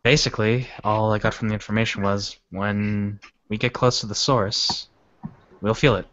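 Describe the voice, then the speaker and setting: A man with a lowish voice talks hesitantly at a tabletop game, often restarting his sentences. The recording is dull and lo-fi. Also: steady tone, normal speed, a bit bright. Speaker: player. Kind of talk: casual tabletop role-play.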